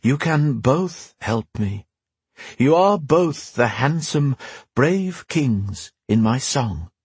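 A man voicing a serene, enchanting female forest spirit in an audiobook, speaking slowly and softly. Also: medium pitch, expressive, husky, dry recording, pitched above the performer's own voice, full character voice. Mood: alluring. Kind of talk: audiobook character voice.

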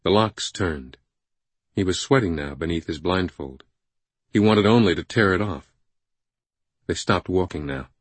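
A man narrating a thriller audiobook in a measured, suspenseful way on a close studio microphone. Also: low-pitched, animated, husky, no room sound.

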